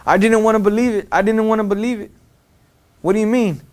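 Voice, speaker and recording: Shaken father figure, halting and repetitive, voiced by a man retelling it. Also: high voice, steady tone, a little mellow, natural voice. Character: tearful father confessing a family secret.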